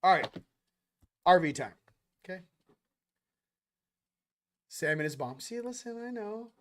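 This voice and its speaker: A man's voice: high voice, sing-song, a little slow, a bit bright, a little hiss or hum. A young man hosting a casual spiritual livestream monologue, loose and slangy, rambling with quoted asides. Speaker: spiritual channel host.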